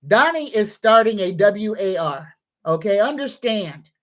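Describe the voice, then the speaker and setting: A woman's voice: medium pitch, lively intonation. A woman hosting a psychic livestream, greeting viewers, reading comments and leading affirmations. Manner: greets viewers warmly, leads slow repeated affirmations.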